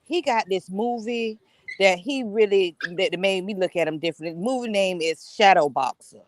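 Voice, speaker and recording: A woman in casual chat who rambles and fills pauses with um. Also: medium pitch. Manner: rambling, full of fillers.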